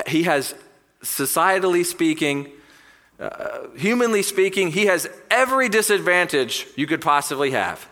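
A man preaching a sermon with a bright, ringing voice. He swings from loud, emphatic declarations to hushed, quiet lines. His voice carries a long reverb, as in a large hall. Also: medium pitch. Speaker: pastor.

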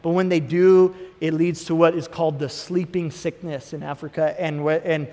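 A man in his thirties preaching a sermon as pastor, swinging between emphatic bursts and quieter asides. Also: fairly high pitch, little pitch movement, moderate pace. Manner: preaching with rising emphatic bursts and acted inner voices. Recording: long hall reverb.

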